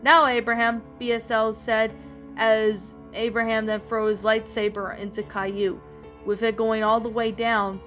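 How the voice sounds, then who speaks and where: A woman narrates a creepypasta-style story over faint background music, reading aloud with frequent slips, stumbles, and restarts. Her voice is on the high side, with little pitch movement and an unhurried pace.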